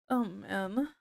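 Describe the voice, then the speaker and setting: A woman's voice: medium pitch, gravelly, very noisy. A young woman chatting casually on a livestream, sick with a blocked nose and sniffling, laughing often and easily. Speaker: streamer.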